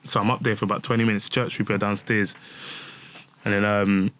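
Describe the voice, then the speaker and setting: A man's voice: lowish voice, little pitch movement, fairly quick, fairly bright tone. A man, candidly telling a personal story as a podcast guest and acting out the voices of the people in it. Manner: candid, acts out quoted dialogue, many restarts. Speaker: guest footballer.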